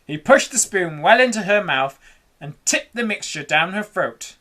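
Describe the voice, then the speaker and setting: A woman reading a children's book aloud in an animated, dramatic way. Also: fairly low pitch, normal speed. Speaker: storyteller.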